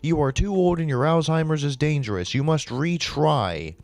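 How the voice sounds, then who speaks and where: A man's voice: fairly high pitch, animated, normal speed, no room sound, voice pushed up. A man putting on a scolding female school official.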